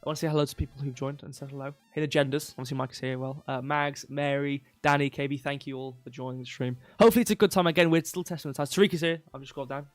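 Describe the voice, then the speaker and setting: A man hosting a crypto livestream in casual chat, rambling, restarting sentences and reading chat aloud while slowly losing his voice. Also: mid-range voice, fairly even intonation, dry recording, soft background music. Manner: rambling, self-interrupting, reads chat aloud. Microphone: desk mic.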